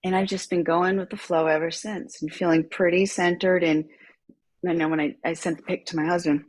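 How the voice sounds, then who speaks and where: Breathy-voiced woman telling a story. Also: lowish voice, flat delivery, brisk. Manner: chatty, laughs often, acts out quoted voices. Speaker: call member sharing. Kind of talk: casual personal storytelling. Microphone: computer mic on an online group call.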